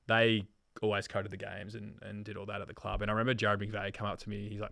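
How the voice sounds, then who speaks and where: A man's voice: fairly low pitch, little pitch movement, quick pace, gravelly, fairly bright tone, dry recording. A man in his thirties with an Australian accent, a former footballer telling laid-back stories as a podcast guest. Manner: laid-back storytelling, quotes teammates. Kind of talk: casual podcast chat.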